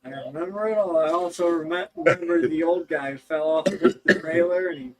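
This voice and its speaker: A man's voice: on the high side, big pitch swings, moderate pace, crowd noise. A young man chiming in on a livestream chat, telling his side of the stories in a blunt, matter-of-fact way. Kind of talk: casual storytelling chat.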